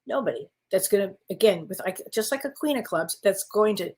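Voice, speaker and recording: A woman's voice: medium pitch, animated, fairly quick, darkish tone, slightly rough. A woman hosting a live psychic reading show, chatty and affectionate, calling viewers honey. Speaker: psychic reader and astrologer.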